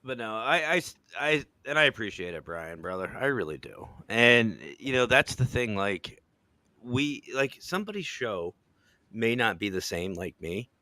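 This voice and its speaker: A man hosting a podcast, telling stories in a relaxed, joking way, swearing freely and laughing often. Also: lowish voice. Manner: laid-back, swearing, laughing storyteller. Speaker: podcast host. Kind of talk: casual chat.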